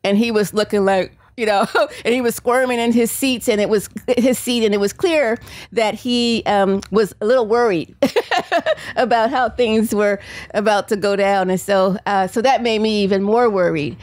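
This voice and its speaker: A woman's voice: mid-range voice, fairly even intonation, moderate pace, darkish tone, no echo. A woman author and psychology professor giving a storytelling book talk at a bookstore event, chatty, laughing often and acting out the quotes.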